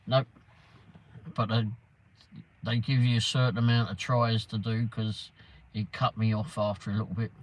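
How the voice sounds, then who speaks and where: A man's voice: fairly low pitch, little pitch movement, moderate pace, pauses often, poor audio. An English man hosting a casual livestream, rambling as he chats and answers viewers' comments by name. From England. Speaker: livestream host. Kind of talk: casual chat reading live comments. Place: in a car around town.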